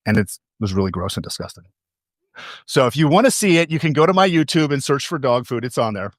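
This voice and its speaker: A man's voice: mid-range voice, sing-song, quick pace, dry recording, studio quality. A man giving a motivational stage talk as a coach. He tells stories, asks the audience questions and repeats key phrases for emphasis.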